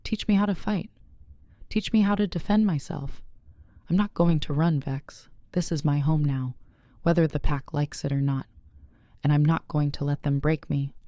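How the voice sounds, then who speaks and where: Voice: medium pitch, normal speed, no room sound, clean studio sound, pitched above the performer's own voice, close to an everyday voice. A narrator voicing a determined young human woman in a storybook reading, speaking firmly and steadily. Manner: firm, steady.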